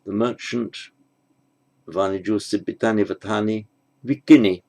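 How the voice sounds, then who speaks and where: A man with a low, gravelly voice explains grammar step by step. He speaks slowly and deliberately, pausing to think aloud as he works through each exercise. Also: darkish tone. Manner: slow, methodical, thinking aloud with pauses. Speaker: language teacher. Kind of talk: spoken grammar lesson.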